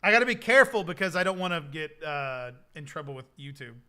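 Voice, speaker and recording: A young man hosting a livestream, chatting casually in an excitable, rambling way. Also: a little high, fast. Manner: excitable, rambling, laughs often. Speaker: livestream host. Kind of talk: casual stream chat.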